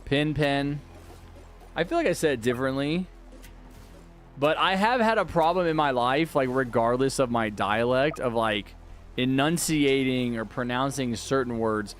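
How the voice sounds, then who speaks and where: A man from Texas talks his way through a game livestream, answering chat in a loose, rambling way full of "like" and "uh". Quiet music runs underneath his voice. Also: mid-range voice, unhurried. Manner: rambling, answers chat questions with many fillers. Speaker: gaming livestreamer. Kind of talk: casual livestream chat while gaming.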